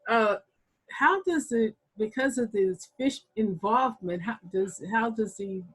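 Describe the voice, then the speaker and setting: A woman's voice: fairly high pitch, unhurried, slightly rough, low-quality recording. A woman hosting an online gardening workshop, chatty and enthusiastic, often laughing as she asks questions. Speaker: workshop host. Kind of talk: casual online workshop moderating.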